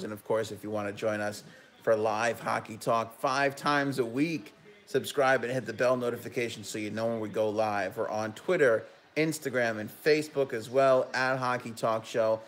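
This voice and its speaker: A young man hosts a live hockey talk stream, reacting to the final goal and reading out viewer messages. His voice sits at an ordinary middle pitch. He breaks into loud, excited bursts.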